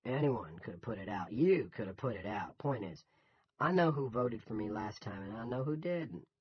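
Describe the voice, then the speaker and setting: A man's voice: on the low side, animated, moderate pace, breathy edge, highs cut off. A man reading a bossy blustering town boss. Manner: commanding, scoffing, folksy.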